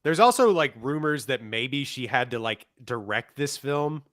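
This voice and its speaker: A man's voice: mid-range voice, moderate pace, fairly bright tone, dry recording, studio quality. A young adult man co-hosting a podcast in casual, gossipy chat with wry asides. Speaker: podcast co-host.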